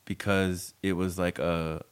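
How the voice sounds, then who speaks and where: A man's voice: low-pitched, flat delivery, takes it slowly, smooth. A man co-hosting a podcast, chatting casually with joking asides and lots of filler words. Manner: laid-back, joking asides, filler 'like'. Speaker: podcast co-host. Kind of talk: casual recap chat.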